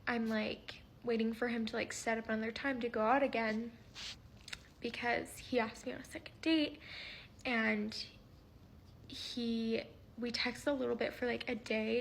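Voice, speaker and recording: Chatty woman doing storytime, kinda high voice, laughs a lot. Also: a little hiss or hum. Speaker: vlogger. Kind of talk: casual storytime to camera.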